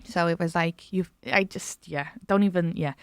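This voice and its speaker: A woman's voice: fairly low pitch, fairly even intonation, moderate pace, smooth, no room sound, clean studio sound. Frank Irish woman podcast host. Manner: frank, emphatic and profane. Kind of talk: casual podcast chat.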